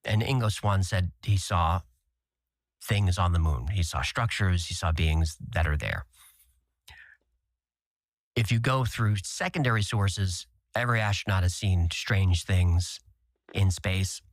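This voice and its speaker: Low voiced guy in a clip, dry close sound, just tells it matter of fact. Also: unhurried, long pauses, no room sound. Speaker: guest in a played clip. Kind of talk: interview talk.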